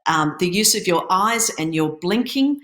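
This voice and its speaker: A woman's voice: lowish voice, expressive, normal speed, fairly bright tone, echoey room. A woman giving an online presentation as an accelerator program manager, coaching in an instructive tone with occasional stumbles. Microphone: video call.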